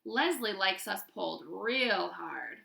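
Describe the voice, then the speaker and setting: A woman's voice: mid-range voice, animated, slow, creaky, sharp tone, reverberant, exaggerated voice. A woman voicing a sly talking pigtail that coaxes a boy to pull it. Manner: coaxing, sly. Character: pushy talking pigtail, wheedling trickster.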